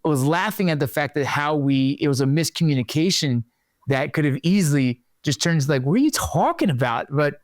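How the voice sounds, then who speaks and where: A man's voice: fairly high pitch, brisk, no room sound. Chatty male podcast host, dry sound. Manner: chatty storyteller, animated when retelling. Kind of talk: conversational interview.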